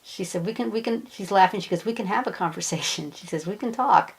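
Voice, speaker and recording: A woman hypnosis practitioner gently passing on messages in a soft way, often repeating her words. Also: on the low side, fairly quick, vocal fry, poor audio. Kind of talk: gentle relaying of channeled messages.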